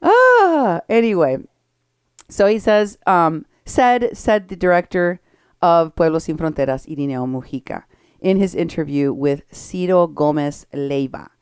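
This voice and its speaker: A woman hosting an opinionated political commentary show, talking briskly and sarcastically and laughing at her targets. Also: low-pitched, a little mellow, smooth, no echo, studio quality.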